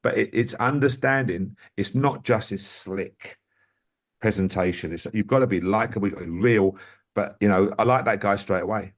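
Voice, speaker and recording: A man, a football manager, telling lively stories in an interview and often addressing the host by name. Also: lowish voice, normal speed. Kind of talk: anecdotal interview storytelling.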